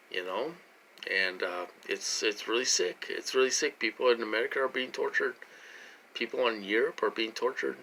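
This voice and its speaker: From his own room, a man delivers a casual vlog monologue to his audience, rambling, repeating himself and using lots of fillers. His lowish voice has a sharp tone, with a little hiss or hum on the recording.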